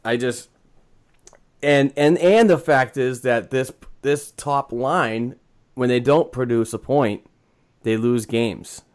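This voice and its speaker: A man's voice: medium pitch, slow, a little mellow, smooth. Man, podcast co-host, hesitant, filler-heavy, eager. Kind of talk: casual sports chat.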